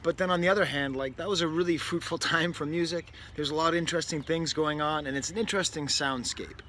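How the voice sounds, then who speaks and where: A man from New England talks through a record review in a loose, rambling way, breaking off for wry asides and correcting himself mid-sentence. His voice is bright and slightly raised in pitch. A faint hiss of noise sits under the recording. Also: steady tone, quick pace. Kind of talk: casual spoken record review. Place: indoors near a window, with a bird outside.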